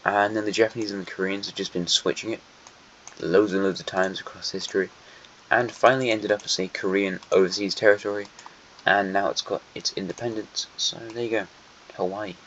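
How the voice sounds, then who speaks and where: A low-voiced man talks through a map in a loose, rambling way, correcting himself as he goes and tossing in wry asides. The sound is dull and lo-fi, missing its top end. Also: steady tone, brisk, a bit bright, a little hiss or hum. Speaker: host. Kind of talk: casual map commentary.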